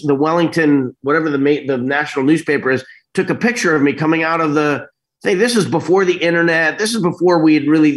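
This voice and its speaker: A middle-aged man telling stories as an interview guest, in an animated, rambling way that keeps breaking off and restarting. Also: on the high side. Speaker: actor guest. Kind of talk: casual interview storytelling.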